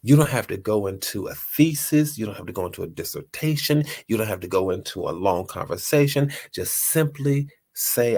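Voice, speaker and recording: A man's voice: lowish voice, lively intonation, normal speed, hardly any pauses, a little mellow. A man hosting a motivational talk, earnest and repeating his phrases for emphasis. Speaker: host.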